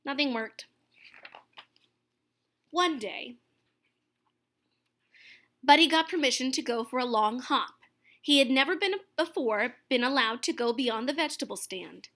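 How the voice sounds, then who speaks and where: A young woman reading a children's picture book aloud, expressive and gentle. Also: high voice, measured pace, long pauses. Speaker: storyteller.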